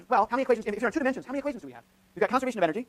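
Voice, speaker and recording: A man's voice: very high-pitched, expressive, rapid-fire. A man lecturing on physics in a lecture hall, thinking aloud with frequent restarts and "right?" checks as he runs a live demonstration. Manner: thinks aloud, many restarts and tag questions. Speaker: physics professor.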